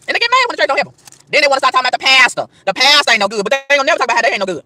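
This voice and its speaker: Woman vlogger, outdoor park rant; high, bright, rapid-fire, emphatic and repetitive preaching delivery. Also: sing-song, no echo. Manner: emphatic, repeats and stammers over words, rhetorical questions. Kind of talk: preachy street rant to camera.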